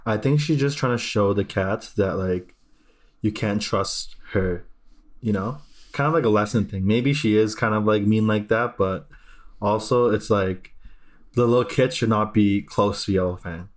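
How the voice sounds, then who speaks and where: Man, low voice, easygoing co-host, casual book chat, lots of fillers. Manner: easygoing, quick to agree, lots of "like". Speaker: podcast co-host.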